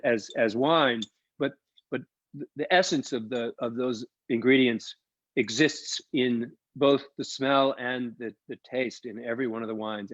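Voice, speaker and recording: A man's voice: mid-range voice, dry recording, dull audio. A man co-founding a winery, presenting a live online wine tasting in an enthusiastic, chatty way and explaining as he tastes. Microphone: video call.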